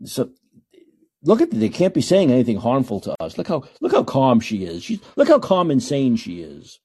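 Man, podcast host, emphatic repetitive rant, lively pitch, husky tone. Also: moderate pace. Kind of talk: call-in podcast commentary.

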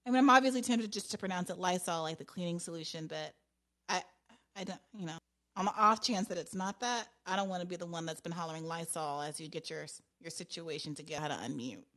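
A woman's voice: fairly low pitch, quick pace, a bit bright. A woman hosting a call-in podcast, chatting casually with callers and laughing often. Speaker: podcast host taking calls.

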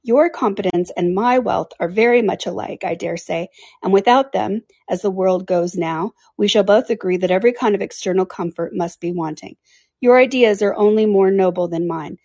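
A woman reading aloud, voicing a sensible, composed young woman in a calm, measured way. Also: medium pitch, no echo, clean studio sound, close to an everyday voice. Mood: wry. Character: sensible, composed elder sister.

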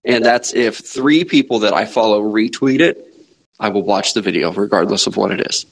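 Husky-voiced man hosting a sports podcast. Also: lowish voice, normal speed, poor audio. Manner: joking, rambling banter. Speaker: podcast host. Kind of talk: casual sports chat.

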